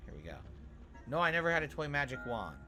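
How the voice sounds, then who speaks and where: A man in casual gameplay commentary, his voice pitched high and swooping all over the place. He gets loud and excitable, then drops to muttering. Faint music plays behind him. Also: fast. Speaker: streamer.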